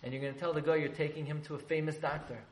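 A man's voice: a little high, flat delivery, very fast, natural voice. A man playing a stern, exasperated elderly sage who scolds and gives orders emphatically. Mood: commanding. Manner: emphatic, scolding, then commanding. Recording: echoey room, faint background noise.

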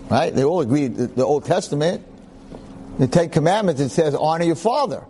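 A man giving a storytelling lecture in an animated, joking, conversational way. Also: fairly high pitch, normal speed, slight background noise. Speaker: Jewish lecturer.

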